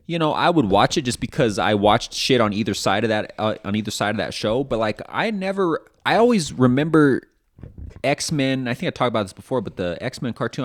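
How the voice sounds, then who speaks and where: A man's voice: on the low side, no echo, clean studio sound. A man co-hosting a podcast in casual chat, rambling and swearing, with lots of fillers and restarts. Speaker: podcast co-host.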